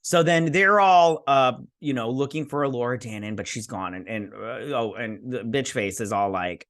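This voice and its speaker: Bright-voiced sassy man rambling through a review. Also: mid-range voice, lively intonation, normal speed, hardly any pauses. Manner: rambling, sassy, acts out characters' lines. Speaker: show reviewer host. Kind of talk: casual episode recap and review.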